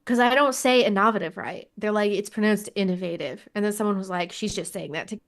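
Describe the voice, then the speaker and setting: A woman's voice: medium pitch, fast talker, a bit bright. A woman co-hosting a motorsport podcast over a remote call, talking casually and frankly, swearing and laughing often. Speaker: podcast co-host. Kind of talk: casual chat.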